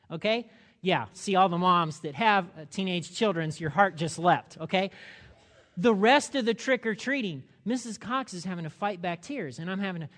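A male pastor preaching a sermon with animated, humorous storytelling. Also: high voice, moderate pace, big-room sound.

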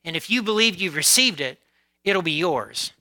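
A man's voice: high voice, expressive, sharp tone, poor audio. A man preaching a sermon to his congregation, talking conversationally and often checking in with "okay?" and "right?". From United States. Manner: occasional laughs, varies pace from drawn-out emphasis to quick asides. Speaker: pastor.

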